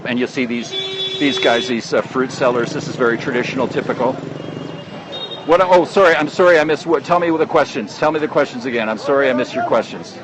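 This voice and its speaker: A man's voice: medium pitch, fairly quick. A Canadian man walking through a busy outdoor square, talking into his phone in a rambling, friendly live broadcast with many fillers and restarts. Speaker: travel vlogger livestreaming. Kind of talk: casual live street broadcast. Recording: street noise from traffic. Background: crowd and motorcycles.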